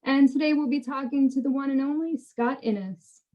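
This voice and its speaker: A woman's voice: sits high, normal speed, muffled recording. A woman host opening a video panel, polite and giggly, on a video call.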